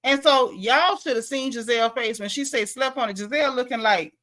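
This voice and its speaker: A woman's voice: fairly high pitch, a little fast, hardly any pauses, fairly bright tone. A woman recapping a reality show in casual, gossipy chat, acting out what the cast said.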